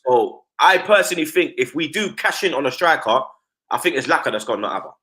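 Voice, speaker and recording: A man holds forth on football in casual live-stream chat, his voice jumping up and down with lively swings. His tone is bright and punchy, and he throws in street slang and tag questions constantly. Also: a little high, fairly quick. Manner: animated, slangy, repeats tags like "blood" and "you get me". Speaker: football fan pundit.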